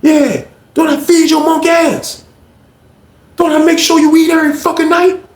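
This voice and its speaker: A man's voice: very high voice, flat delivery, moderate pace, echoey room, pitched above the performer's own voice. A man voicing a domineering male inmate who barks repeated orders and curses. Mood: indignant. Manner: commanding, cursing, repeating orders.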